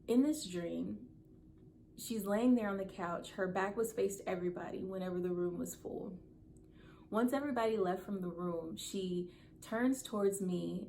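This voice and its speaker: A woman's voice: medium pitch, fairly even intonation, moderate pace, vocal fry, warm tone, a little hiss or hum. A woman in her thirties, a content creator, telling a personal story to camera in a heartfelt, earnest way. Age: 30s.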